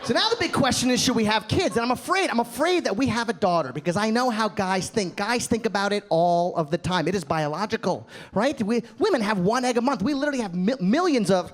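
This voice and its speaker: A man in his thirties from the American South, doing an animated stand-up comedy set on a club stage into a handheld mic. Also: high-pitched, brisk, few pauses. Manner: animated, jokey, acts out characters. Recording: live club with crowd noise.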